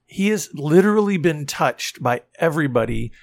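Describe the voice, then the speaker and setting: A man's voice: on the high side, animated, moderate pace, vocal fry, dry recording. A man co-hosting a faith podcast, reflectively retelling a scene in a casual conversation. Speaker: podcast co-host.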